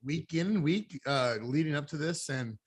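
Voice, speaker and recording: A man's voice: on the high side, animated, unhurried, breathy edge. A man hosting a casual podcast, speaking in a laid-back, hesitant way with many fillers. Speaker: podcast host.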